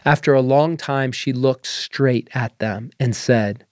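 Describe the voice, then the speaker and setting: A man reading a literary story aloud in measured, unhurried narration. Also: medium pitch, no room sound, studio quality. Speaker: story reader. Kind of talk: scripted narration.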